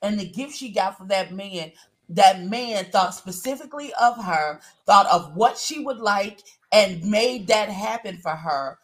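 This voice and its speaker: A woman's voice: mid-range voice, expressive, a little slow. A woman on a review panel explaining her view at length in casual chat, acting out quoted lines as she goes. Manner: explains at length, acts out quoted lines, calls others beloved. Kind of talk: casual show recap chat.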